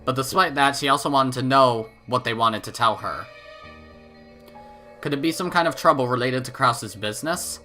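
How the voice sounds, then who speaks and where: A man reading a visual novel aloud in an expressive, animated way. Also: medium pitch, moderate pace, soft background music. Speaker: let's play narrator.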